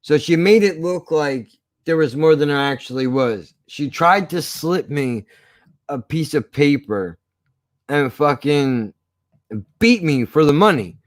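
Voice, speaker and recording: Man, casual storytelling, profane, animated, dry recording. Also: fairly high pitch, measured pace, no echo.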